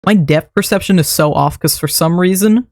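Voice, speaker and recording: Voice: medium pitch, normal speed, darkish tone, dry recording, clean studio sound. A streamer giving casual gameplay commentary, rambling to themself and chuckling at their own mistakes while building. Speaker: streamer building a game base.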